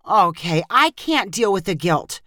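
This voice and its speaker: A woman's voice: mid-range voice, big pitch swings, unhurried, pushed and bright, no echo, clean studio sound. Lyrica, a guilty young friend, read by a woman. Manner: apologetic.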